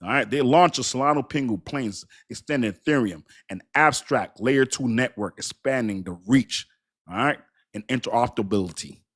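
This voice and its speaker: A man putting on a measured male news-anchor voice, reading market news slowly and formally. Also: mid-range voice, a bit bright, no echo, studio quality, natural voice. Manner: slow, formal, newsreader delivery.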